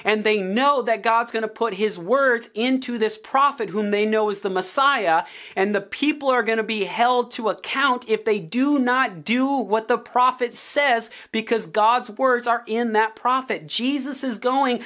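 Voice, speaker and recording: A woman's voice: a little high, fairly bright tone. Earnest woman teaching the Bible. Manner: earnest, slows down to stress key lines.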